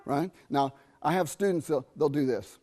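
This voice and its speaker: Brief: middle-aged male trumpet teacher, animated masterclass delivery, sings phrases to demonstrate. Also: on the high side, soft background music. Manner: animated, sings rhythms and asks students quick questions. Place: university theatre.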